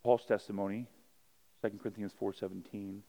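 A man's voice: medium pitch, brisk. Man preaching a conversational sermon. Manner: conversational storytelling with rising preached emphasis. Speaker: pastor.

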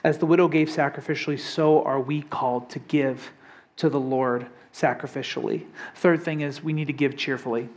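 A man's voice: fairly high pitch, steady tone, moderate pace, darkish tone. A young adult man preaching a sermon in a conversational way, often asking the congregation questions. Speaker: pastor.

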